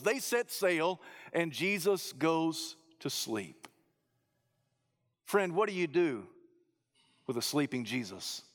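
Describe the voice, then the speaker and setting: A man preaching a sermon, rising to loud emphatic peaks and dropping to low, hushed phrases. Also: long reverb tail.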